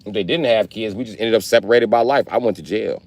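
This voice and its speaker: A young male livestreamer with a very low voice talks directly to his chat, cursing freely as he drifts from one story to another. His delivery is quick, loose and unpolished, with a somewhat dark tone.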